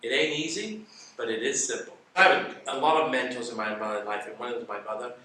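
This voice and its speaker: In a relaxed interview, a man with a bright, forceful voice tells stories animatedly and acts out the lines of the people in them. He speaks at medium pitch and a quick pace. He's picked up from a distance in a very echoey room with a little background noise.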